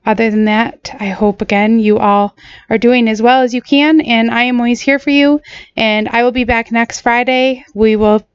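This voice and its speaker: Choked up woman doing her podcast alone, halting and earnest, smooth voice, dry slightly muffled sound. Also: on the high side, steady tone, no echo. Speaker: podcast host. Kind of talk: solo podcast talk.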